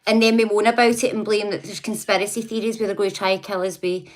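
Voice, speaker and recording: A woman's voice: mid-range voice, flat delivery, fast. A woman hosting a casual livestream, chatting, laughing often and talking back to her viewers. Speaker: livestream host.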